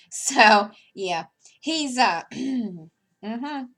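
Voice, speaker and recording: A woman's voice: a little high, expressive, very slow, fairly bright tone. A woman chatting casually while she works on a craft project, rambling with many fillers and restarts and chuckling between thoughts. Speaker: crafting vlogger.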